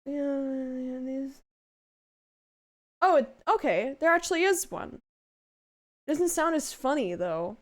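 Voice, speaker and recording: A woman's voice: high voice, animated, takes it slowly, pauses often. A woman VTuber chatting casually on a live stream, crude and swearing freely, often breaking into squealing laughter. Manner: bursts into loud squealing laughter.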